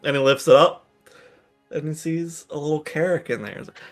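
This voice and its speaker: A man's voice: a little high, fairly quick. A man narrating as game master of a tabletop game, talking loosely with hesitations. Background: faint background music.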